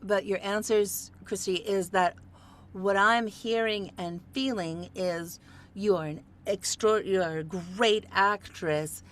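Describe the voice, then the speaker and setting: A woman's voice: medium pitch, fairly even intonation, takes it slowly. A woman hosting an interview as an acting coach, speaking earnestly and often repeating words as she gets going. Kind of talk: casual interview talk.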